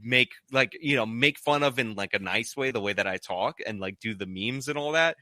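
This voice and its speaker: A man's voice: mid-range voice, normal speed, bright, forceful tone, dry recording. A man hosting a casual live stream, reading viewer messages aloud with lots of "like" fillers. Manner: reads donor messages aloud with many "like" fillers. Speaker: streamer reading super chats.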